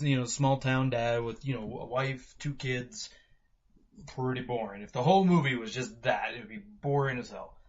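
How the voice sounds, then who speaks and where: Rambling man with husky lo-fi voice. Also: mid-range voice. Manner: rambling, many "you know" fillers and restarts. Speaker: podcast movie reviewer. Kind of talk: casual spoken review. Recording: dull lo-fi home recording.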